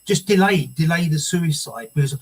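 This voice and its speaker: Halting man in his sixties, somewhat high voice. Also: expressive, low-quality recording. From United Kingdom. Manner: halting, repeats words, tells dry jokes. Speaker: talk show host. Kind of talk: casual talk-show chat.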